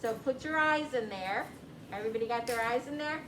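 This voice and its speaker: Female teacher guiding her class with questions, echoey room with clear ambience behind her. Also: fairly high pitch, brisk, noisy background. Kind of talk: classroom reading lesson.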